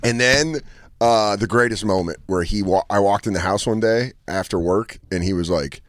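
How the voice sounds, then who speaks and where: Studio comedy co-host, male, thirties, lowish voice, crude storyteller, dry room. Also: moderate pace, dry recording. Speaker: podcast co-host. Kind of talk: casual comedic chat. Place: radio studio.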